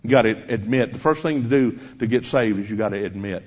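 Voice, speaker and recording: A man's voice: fairly low pitch, quick pace. A man preaching a sermon, speaking directly and challengingly to his congregation, on a dull lo-fi recording.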